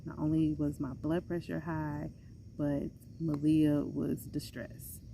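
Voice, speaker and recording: Young female vlogger, lower register with some vocal fry, casual storytime delivery, animated and chatty. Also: slow, a little hiss or hum. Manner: chatty, animated, acts out others' voices when quoting. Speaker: vlogger telling a personal story.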